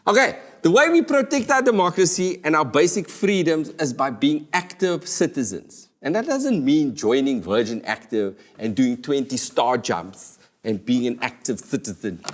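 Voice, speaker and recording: A man hosting a comedy talk show, delivering a playful scripted monologue with sudden high exclamations. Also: sing-song, moderate pace.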